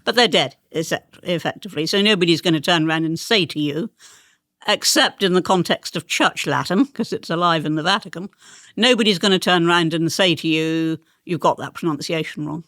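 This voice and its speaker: An older woman, a former politician appearing as an interview guest, speaks with a received pronunciation accent and rolled R's in a precise, emphatic way. Her voice is fairly low, fairly quick and a bit bright. The conversational interview is recorded with clean studio sound and no room sound.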